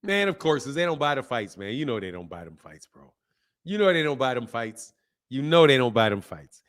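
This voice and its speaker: A man's voice: medium pitch, big pitch swings, fairly quick, fairly bright tone. A man hosting a boxing channel livestream, talking bluntly in a rambling, repetitive way with plenty of slang and reading chat messages aloud. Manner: blunt, rambling, repeats himself. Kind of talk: casual livestream commentary.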